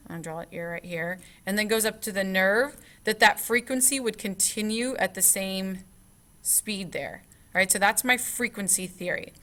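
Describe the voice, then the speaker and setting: Bright-voiced woman teacher, chatty lecture. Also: medium pitch. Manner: conversational, many fillers and restarts. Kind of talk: recorded slide lecture.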